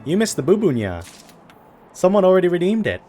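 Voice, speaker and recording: A man's voice: high voice, sing-song, a little fast, dark tone, faint music behind. A man streaming a game playthrough, reading its dialogue aloud in a put-on British accent between joking asides.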